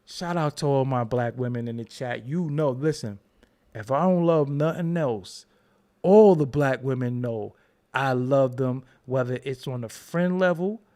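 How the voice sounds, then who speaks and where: Speaking a little slowly in a mid-range, darkish voice, a middle-aged man from Brooklyn, New York, fires back at his livestream chat in a heated rant. He's profane, mocking and confrontational, with laughter between the jabs.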